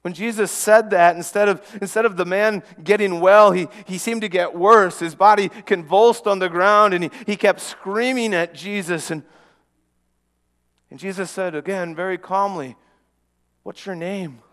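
A man preaching a dramatic first-person story, earnest, often dropping to a hush and repeating words as he goes. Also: sits high, normal speed, in a large hall. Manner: earnest, with frequent restarts and dramatic hushes.

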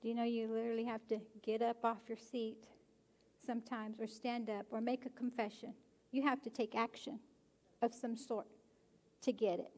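A woman pastor preaching a sermon, animated and emphatic, often pushing her questions to the congregation. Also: on the high side, moderate pace. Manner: animated, rising to emphatic exhortation. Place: church sanctuary.

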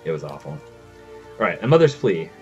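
Low-voiced man streaming a game. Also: sing-song, moderate pace, darkish tone, dull audio, faint music behind. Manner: chatty, reads game text aloud. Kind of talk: casual live game commentary.

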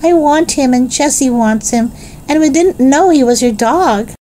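A woman's voice: high-pitched, a little slow, warm tone, a little hiss or hum, voice pushed up. A woman voicing an eager, pleading young boy in a read-aloud storybook. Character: small eager boy Benny.

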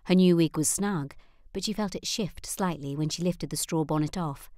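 A woman narrating an audiobook in a measured, even manner. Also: fairly low pitch, dry recording. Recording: dry close studio sound.

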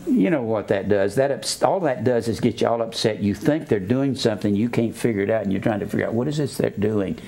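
A man's voice: on the low side, animated, fast, creaky, hardly any pauses, a little mellow. An older man preaching a sermon, blunt and scornful, stopping to teach grammar like a schoolteacher. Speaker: pastor.

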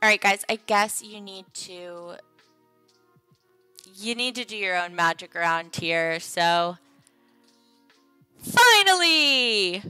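Bright, playful young woman streamer. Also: lowish voice, fairly even intonation, a little slow, smooth, no room sound, faint music behind. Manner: playful, jokey, chatty. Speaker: livestream host. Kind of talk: casual game livestream chat.

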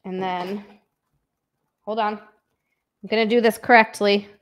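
A young adult woman chatting on a live stream from a room at home, excitable and chatty, thanking viewers by name and bursting into squeals. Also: mid-range voice, takes it slowly. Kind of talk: casual live-stream chat.

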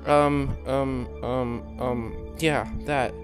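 Music plays beneath a man whose steady mid-range voice stretches out his words. He runs a gaming channel and rambles through relaxed gameplay commentary, poking fun at himself as he stumbles along and murmurs little sound effects.

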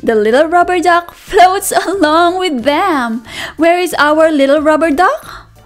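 A woman teacher reading a picture book aloud to toddlers, animated and sing-song, gasping and asking the children questions. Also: extremely high pitch, unhurried, faint music behind.

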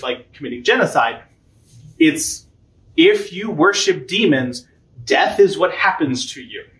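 A man teaching a catechism class in a relaxed, conversational way, with playful asides and quick acted-out quotes. His voice sits a bit high for a man. The room is echoey and roomy around him. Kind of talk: casual catechesis lecture.

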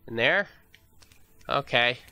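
A man's voice: mid-range voice, animated, slow pace, sharp tone, faint music behind. Goofy young man streaming a game. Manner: goofy, exclaiming, talking to chat. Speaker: gaming streamer. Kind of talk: live game commentary.

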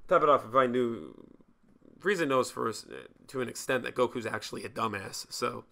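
Man for a casual anime review, gravelly and bright, profane and joking. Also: medium pitch, normal speed.

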